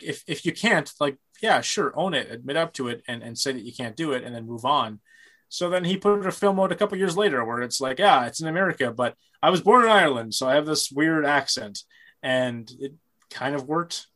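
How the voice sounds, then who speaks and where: Man, rambling film chat, profane, repeats himself, mid-pitched voice. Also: a bit bright. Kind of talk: casual movie chat.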